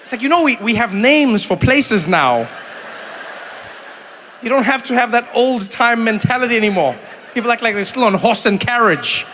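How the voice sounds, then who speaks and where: A man from South Africa works a crowd in a big hall, his voice high and bright. He tells animated stories and slips into quick impressions of other people. Long reverb trails behind him, with faint room noise underneath. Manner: animated storytelling, mimics voices, chats with audience. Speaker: stand-up comedian. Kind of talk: stand-up comedy with crowd work. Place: large venue with live audience.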